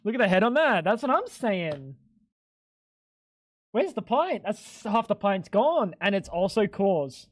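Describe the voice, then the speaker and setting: A young man streaming live, joking loosely with chat, swearing freely and jumping up into high incredulous squeaks when something baffles him. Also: very animated, unhurried, pauses often, no echo, clean studio sound.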